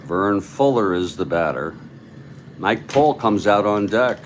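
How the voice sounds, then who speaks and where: A man hosting a tabletop baseball replay, giving calm, measured play-by-play with chatty asides to viewers. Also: fairly low pitch, slight background noise. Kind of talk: play-by-play commentary of a board game replay.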